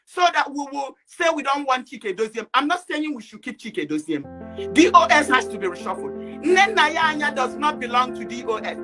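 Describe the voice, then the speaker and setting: A woman's voice: sits high, very animated, over music. A woman caller with a Nigerian English accent, talking angrily and firing off rhetorical questions. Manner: angry, rapid rhetorical questions, near shouting. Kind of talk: impassioned call-in talk.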